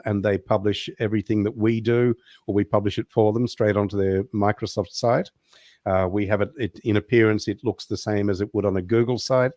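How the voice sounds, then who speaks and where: A man, the show's guest, explaining things in a measured way in casual online talk. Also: lowish voice, warm tone, no room sound, studio quality. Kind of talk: casual online show interview.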